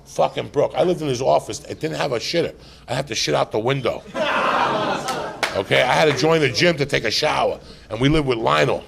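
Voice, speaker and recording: Gravelly loud-mouthed man telling stories. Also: mid-range voice, brisk, background noise. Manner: loud, profane, rowdy storytelling. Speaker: podcast host. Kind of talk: live podcast storytelling. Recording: live podcast mic.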